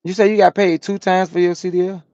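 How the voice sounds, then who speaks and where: A man's voice: sits high, fast talker, no echo, highs cut off. A man with a Southern US accent, a truck driver chatting casually with his livestream viewers and telling stories in slangy, swearing talk. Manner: animated storyteller, swears freely, slangy. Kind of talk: casual livestream chat, reading comments. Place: truck cab on a rest break.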